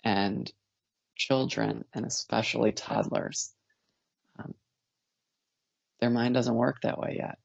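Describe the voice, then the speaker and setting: A man shares his story as an interview guest, his voice gravelly with a bit of fry. He talks in an earnest, measured way, pausing and rephrasing as he reflects. The sound is dry and a little dull, like a modest lo-fi recording. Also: mid-range voice, steady tone, no echo. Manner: earnest, measured, with pauses and restarts. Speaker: guest, father.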